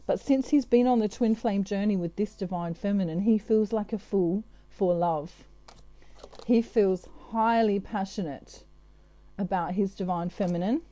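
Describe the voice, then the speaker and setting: A woman's voice: mid-range voice, unhurried, warm tone, no echo. A woman giving a casual, chatty tarot reading, full of fillers and asides. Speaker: tarot reader.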